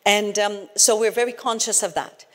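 A woman's voice: medium pitch, steady tone, normal speed, fairly bright tone. A woman giving a conversational sermon, telling personal stories in a chatty way with frequent tag questions and restarts. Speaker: speaker at a church gathering. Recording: long reverb, as in a hall.

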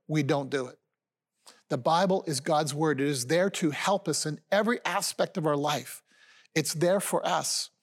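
Earnest older male pastor, slightly high voice. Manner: earnest, often addresses listeners as friends; conversational preaching with fillers and restarts. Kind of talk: sermon.

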